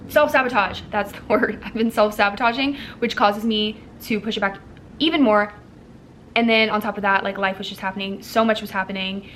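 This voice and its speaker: A woman's voice: mid-range voice, fairly bright tone, slight background noise. A woman in her thirties, a content creator, chatting casually to camera in a rambling, filler-heavy way. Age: 30s. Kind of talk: casual chat.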